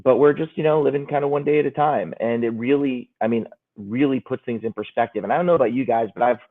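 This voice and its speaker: A man's voice: mid-range voice, quick pace. A middle-aged man, a guest calling in from a hotel room, speaking earnestly and reflectively in a casual chat. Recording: tinny phone-like call audio.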